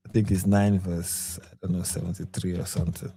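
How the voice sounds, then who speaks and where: A man's voice: deep voice, flat delivery, fairly quick, mellow, a little hiss or hum. A man from Nigeria hosting a late-night commentary livestream, tired and yawning, pressing his points with repeated rhetorical questions. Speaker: livestream host.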